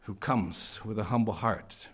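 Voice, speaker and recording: This preacher's voice is lowish and slightly rough, and he delivers his church sermon at a measured pace. He relies on rhetorical questions and at times sinks into a hush.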